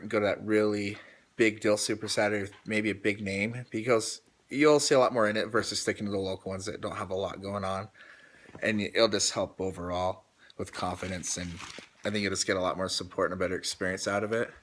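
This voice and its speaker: Low-voiced man rambling through a recap. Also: a bit bright. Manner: retells quotes at length, rambling with restarts. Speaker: team coach recapping a call. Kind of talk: casual recap talk.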